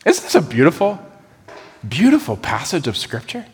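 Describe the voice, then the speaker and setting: A man preaching a sermon, animated and acting out the voices he quotes. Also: a little high, normal speed, breathy edge, in a large hall. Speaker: pastor.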